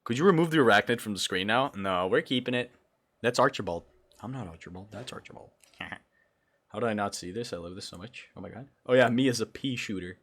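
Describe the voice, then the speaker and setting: Excitable young man streaming, lively pitch. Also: fast. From Brazil. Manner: excitable, swings between loud outbursts and low mumbling. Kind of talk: casual livestream chat.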